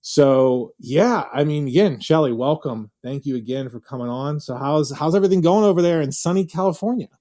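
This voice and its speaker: Relaxed man hosting a podcast. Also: a little high, a little fast, few pauses. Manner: relaxed, filler-heavy questions. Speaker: podcast host. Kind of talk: podcast interview.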